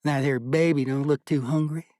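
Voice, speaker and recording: A man voicing a ragged young Confederate soldier with a slow, lazy Southern drawl. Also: fairly high pitch, fairly even intonation, warm tone, dry recording, natural voice.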